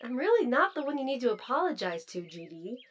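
A woman's voice: fairly high pitch, big pitch swings, fast. A woman voicing a kind female robot. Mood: gentle.

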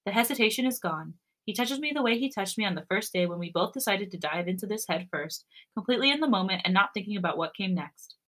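A woman podcast co-host reading romance fan fiction aloud, expressive and sometimes breaking into giggles. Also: medium pitch, quick pace, few pauses.

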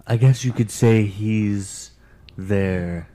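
A man's voice: on the low side, mellow. Joking man co-hosting a podcast. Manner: joking, self-deprecating, quick asides. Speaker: podcast co-host. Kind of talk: casual podcast chat.

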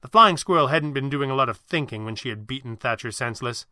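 A man narrating an adventure story in a steady, vivid storytelling style. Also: mid-range voice, fast talker, no room sound, clean studio sound.

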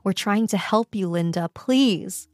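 A woman's voice: medium pitch, a little slow, soft background music, voice pushed up, natural voice. A woman voicing a desperate mother who speaks firmly and urgently. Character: desperate mother confronting her sister.

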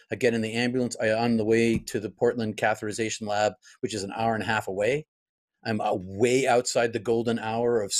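A middle-aged man speaks as an interview guest, his pitch sitting in an ordinary middle range. He tells his story reflectively, stopping to restart sentences and slipping into his own remembered thoughts. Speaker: guest, pastor.

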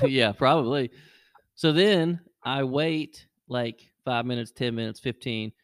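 A middle-aged man hosting a podcast, telling a casual story and jumping his voice up high when he acts out what people said. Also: slow, no echo, clean studio sound. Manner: animated, jumps high when acting out quotes. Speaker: podcast host.

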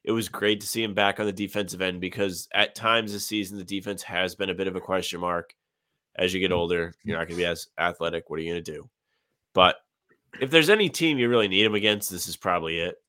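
A man's voice: low voice, fast talker, bright, forceful tone, no room sound, studio quality. Congested man joking about basketball. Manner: joking, loose asides. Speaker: podcast co-host. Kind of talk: casual sports chat.

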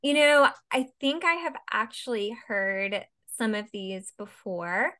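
Slightly high-voiced podcast co-host woman. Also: animated, takes it slowly, bright, forceful tone. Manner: thoughtful, hesitant, laughs often. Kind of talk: casual podcast chat.

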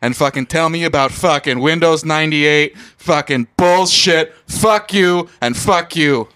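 Man playing a cocky, foul-mouthed young tech boss, put-on Boston accent, slightly high voice. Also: a little slow, clear, resonant tone. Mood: furious. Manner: swearing, yelling abuse. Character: young, rich, angry male tech boss with a big ego.

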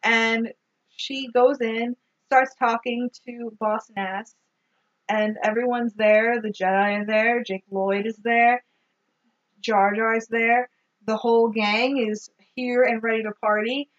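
A woman co-hosting a casual movie recap, sarcastic and animated, swearing freely. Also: fairly high pitch, takes it slowly, lo-fi sound. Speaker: podcast co-host.

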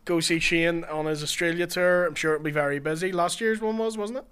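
A Northern Irish man hosting a podcast, joking in a way that sounds sarcastic even when he means it. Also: on the high side, fairly quick, clean tone. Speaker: podcast host. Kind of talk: casual chat.

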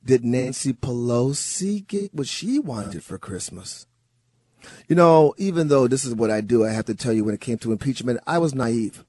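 A man's voice: mid-range voice, moderate pace, breathy edge, no room sound. A man hosting talk radio, telling stories and delivering a conservative monologue with mocking asides. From United States. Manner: animated, storytelling, mocking asides. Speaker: fill-in radio talk host.

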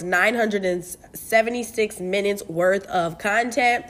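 A young woman from the United States hosting her own podcast, talking casually and candidly, swearing freely and getting animated. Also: mid-range voice, measured pace, few pauses. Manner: candid, profane, animated with bursts of laughter. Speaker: podcast host. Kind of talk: casual solo podcast chat.

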